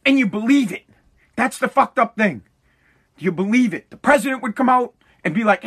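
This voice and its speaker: A man with a very high, bright voice delivers a profane, fired-up rant from his home at night. He mocks the people he is complaining about and keeps pushing, full of heat. His tone stays sharp and cutting. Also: lively intonation, moderate pace, long pauses, breathy edge. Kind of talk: ranting monologue.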